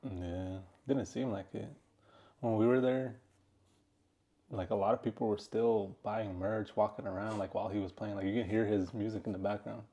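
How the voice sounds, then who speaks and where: A man co-hosting a casual podcast, his voice low and mellow. He talks in a laid-back, rambling way and swears freely. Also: steady tone, moderate pace, highs cut off. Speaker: podcast co-host. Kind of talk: casual chat.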